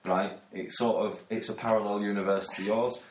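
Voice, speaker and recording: A man's voice: on the low side, flat delivery, normal speed. A man, arguing playfully in casual banter. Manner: playfully argumentative. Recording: echoey room with faint noise.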